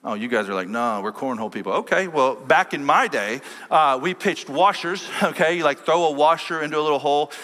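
Preaching pastor in a big reverberant hall. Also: male voice, lively intonation, brisk, few pauses. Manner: storytelling, swings from loud preaching to low quiet lines. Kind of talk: sermon. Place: large church hall. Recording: long church-hall reverb.

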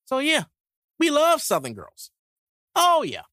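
Podcast co-host, New man, lively crude banter, pitch jumps all over, dry close sound. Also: unhurried, dry recording. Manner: animated, crude, joking banter. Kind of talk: casual podcast chat.

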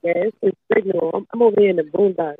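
A woman calling in to a podcast, talking fast and haltingly with many "like"s over a choppy phone line. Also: medium pitch, breathy edge, no room sound. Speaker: caller. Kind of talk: phone-in chat.

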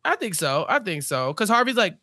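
Male co-host, lively recap chatter, high bright voice, jumps into character voices. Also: no room sound, studio quality. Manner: animated, acts out characters in quick voices. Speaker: podcast co-host. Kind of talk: casual recap chat.

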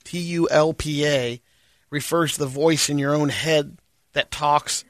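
A man's voice: a little high, fairly even intonation, unhurried, dry recording. A man co-hosting a casual talk show, plainly relaying news items and adding remarks. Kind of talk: casual group chat.

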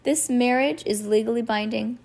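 A woman voicing a gentle, tearful woman judge in a read-aloud storybook, speaking carefully and hesitantly. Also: fairly high pitch, normal speed, creaky, pitched above the performer's own voice.

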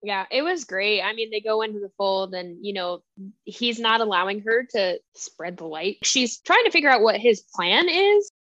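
A woman co-hosting a podcast, enthusiastic and excitable in casual chat. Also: medium pitch, moderate pace, dry recording, lo-fi sound. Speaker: podcast co-host.

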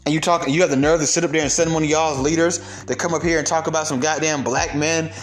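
A man's voice: a little high, steady tone, fast talker, soft background music. Heated, profane young man ranting. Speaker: commentator. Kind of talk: ranting social commentary.

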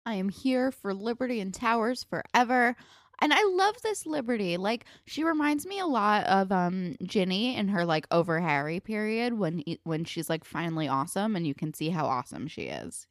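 A woman's voice: mid-range voice, very animated, moderate pace, no room sound. Blunt swearing woman recapping a show, voice bouncing up and down, dry room. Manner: opinionated, swears freely, trails off with fillers. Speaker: podcast co-host. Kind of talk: casual chat recapping a TV episode.

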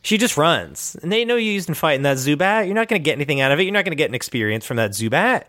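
Animated young-sounding male player, raised pitch, profane, bursts of laughter. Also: very fast. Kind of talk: casual tabletop game chat.

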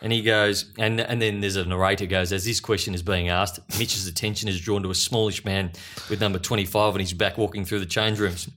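A man's voice: on the low side, steady tone, fairly quick, hardly any pauses, fairly bright tone. A man, co-hosting a casual sports chat and telling jokes. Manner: jokey, playful storyteller. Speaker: podcast co-host.

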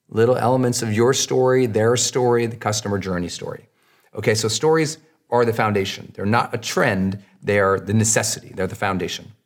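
Emphatic man coaching on a podcast. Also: medium pitch. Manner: emphatic, repetitive coaching delivery. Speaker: podcast host, marketing coach. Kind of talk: solo podcast answering listener questions.

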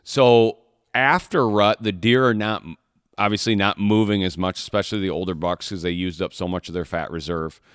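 Deep smooth guy from michigan rambling thru a hunting story, dry close mic. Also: fairly even intonation, normal speed, dry recording. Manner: rambling, repeats words, many restarts. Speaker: podcast co-host, hunter. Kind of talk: casual storytelling chat.

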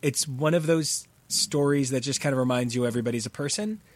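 A man co-hosting a podcast, telling a story in an animated, excitable casual chat. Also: medium pitch, brisk, no room sound. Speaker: podcast co-host.

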